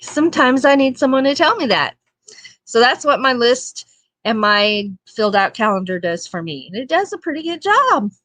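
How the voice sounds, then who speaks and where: A woman's voice: on the high side, big pitch swings, moderate pace, a bit bright, dry recording. A woman hosting a casual livestream chat show, reading viewer comments in a homey, chatty way and laughing often. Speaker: livestream talk show host.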